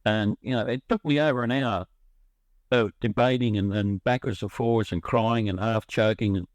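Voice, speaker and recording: A middle-aged man shares his recovery story, rambling and emotional, often restarting his sentences. His voice is on the low side with fairly even intonation and normal speed, and there's no echo.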